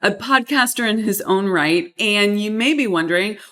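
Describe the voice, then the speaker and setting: A woman's voice: medium pitch, moderate pace, fairly bright tone. Enthusiastic woman hosting a podcast. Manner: enthusiastic, emphatic. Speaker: podcast host. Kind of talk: podcast interview introduction.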